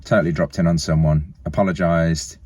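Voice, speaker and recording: A man talks as a guest in a casual chat. His voice is very deep, and he tells his stories in a loose, rambling, laid-back manner. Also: fairly even intonation, fairly quick, a little mellow, dry recording.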